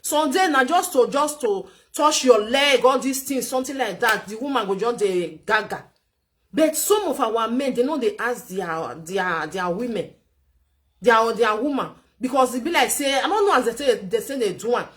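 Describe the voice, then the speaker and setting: A woman's voice: a little high, animated, moderate pace. A woman with a Nigerian Pidgin accent giving relationship advice in chatty, lecturing commentary, repeating points for emphasis. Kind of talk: casual commentary.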